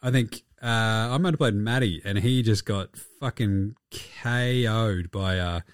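A man's voice: fairly low pitch, a little slow, no room sound, clean studio sound. A young Australian man co-hosting a sports podcast, swearing freely and joking in casual chat. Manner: swears freely, animated and jokey. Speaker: podcast co-host.

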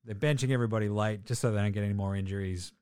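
A man's voice: fairly low pitch, fairly even intonation, rapid-fire, darkish tone, clean tone, no echo, clean studio sound. A man hosting a casual sports podcast, laid-back, laughing and swearing as he recaps games. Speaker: podcast host.

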